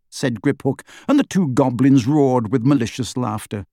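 An audiobook narrator reading a fantasy novel aloud with expressive storytelling. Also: mid-range voice, moderate pace, few pauses, dry recording, studio quality. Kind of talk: scripted narration.

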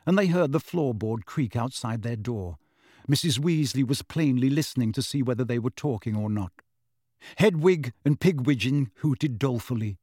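A man narrating a storybook with steady, expressive delivery. His pitch is mid-range but rises and falls with lively shape, and the recording is dry and close. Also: dry recording. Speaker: audiobook narrator. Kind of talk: scripted narration.

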